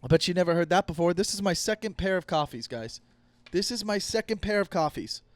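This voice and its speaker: Man, young adult, comedy podcast host, high voice, heated, profane, rambling, dry close sound. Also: a little fast, no echo. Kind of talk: solo comedy podcast rant.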